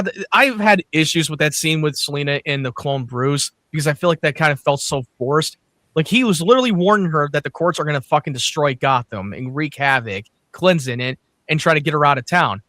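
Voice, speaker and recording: A man's voice: fairly high pitch, sharp tone, no room sound. A man hosting a casual podcast chat, blunt and exasperated, swearing freely as he picks apart a scene. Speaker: podcast host.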